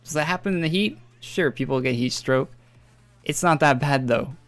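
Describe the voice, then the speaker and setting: His voice is fairly high and fairly bright, moving at a moderate pace, as this young man from northern Alberta, Canada, rambles and swears casually on a gaming live stream. Faint music is audible in the background.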